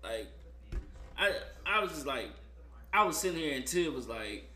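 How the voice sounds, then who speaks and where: A man co-hosting a podcast in casual chat, telling slangy, lively stories. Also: on the high side, moderate pace. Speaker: podcast co-host.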